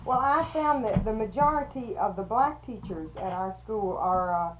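A woman's voice: medium pitch, normal speed. A schoolteacher woman with a mid-range voice chats and tells stories, acting out the lines she quotes. The sound is narrow and phone-like, with a faint hiss. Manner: animated storyteller who acts out quotes. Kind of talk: casual conversation.

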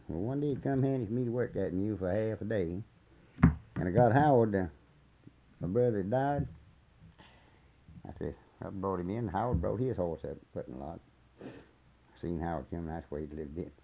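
An older man tells a long, rambling oral-history story in a folksy, profane style, chuckling along the way. His voice is lowish and animated, fairly quick with frequent pauses, and the recording is tinny and lo-fi like a phone.

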